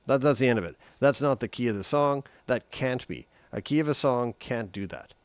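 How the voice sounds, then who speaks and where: A man giving a relaxed, chatty guitar lesson on a live stream, humming note sounds as he explains. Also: mid-range voice, fairly quick, few pauses, no room sound. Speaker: guitar teacher.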